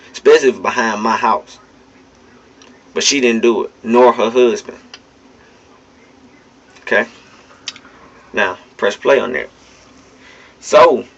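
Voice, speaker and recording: Speaking to listeners in a blunt, forceful, casual style with occasional swearing, a male vlogger has a mid-range, slightly bright voice. The audio comes from a phone and sounds dull and lo-fi.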